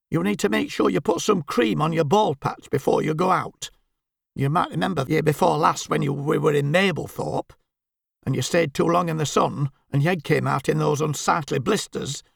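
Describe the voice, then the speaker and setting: Nagging wife, prim and fussy, as a male narrator puts her on, with a gravelly edge. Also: on the high side, no echo, studio quality. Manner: prim, scolding, censorious. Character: bossy, nagging, fussy middle-aged Englishwoman.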